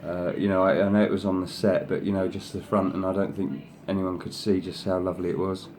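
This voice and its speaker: With a slightly mellow voice, fairly quick delivery and little pitch movement, an adult man shows design samples in a rambling, casual craft video, gushing over each one and saying "you know" often. Slight background noise is present. He coaxes his pet in a higher voice, and his sister is past thirty.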